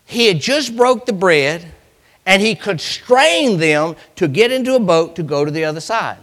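A man preaching a sermon in a church, swinging from loud cries to hushed lines. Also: high voice, sing-song, normal speed, big-room sound.

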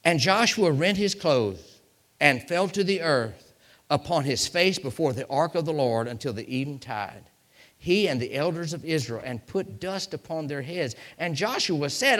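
Animated bright-voiced male preacher. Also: fairly high pitch, moderate pace. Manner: animated preaching, reading scripture aloud and building to shouts. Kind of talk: sermon.

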